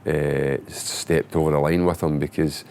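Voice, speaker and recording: A man recalling his playing days in a halting interview, often pausing on "eh". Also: extremely low pitch, level tone, gravelly, darkish tone, smooth. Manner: halting, restarts with "eh". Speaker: former footballer interviewee. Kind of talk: reflective interview.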